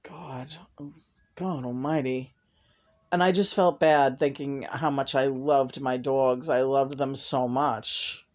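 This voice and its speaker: A woman's voice: a bass voice, fairly even intonation, slow pace, a little mellow. A middle-aged woman venting in a profane personal rant to her camera, her voice jumping up in angry bursts. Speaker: vlogger.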